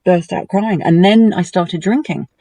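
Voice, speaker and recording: A woman, a guest, telling a personal story in a conversation, animated and emotional. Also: a little slow, no echo. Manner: animated and emotional, lively pitch swings.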